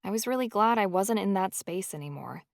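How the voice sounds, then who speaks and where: A woman's voice: mid-range voice, expressive, fairly quick, creaky, no echo, studio quality. A woman reading a first-person novel aloud as an audiobook narrator, in a storytelling delivery.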